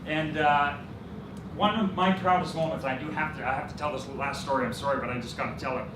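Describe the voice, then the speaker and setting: A man in his thirties gives a best man's toast in a high voice, laughing through jokey stories and turning earnest when he praises his friend. He sounds far from the mic in a reverberant hall, with loud room noise around him. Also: steady tone, fast. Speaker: best man giving a wedding speech. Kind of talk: wedding toast storytelling. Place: reception hall with guests.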